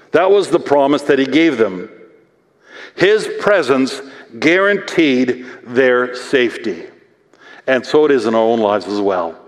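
A man preaching a sermon at a mid-range pitch, reading scripture and then talking it through earnestly and plainly. His voice carries a long reverb, as if from a church sanctuary. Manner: earnest, reads scripture aloud then explains it conversationally. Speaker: pastor.

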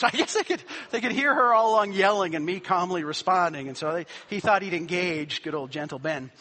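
Husky, bright-voiced male pastor preaching. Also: a little high. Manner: conversational storytelling, rising to emphatic preaching. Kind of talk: sermon with personal story.

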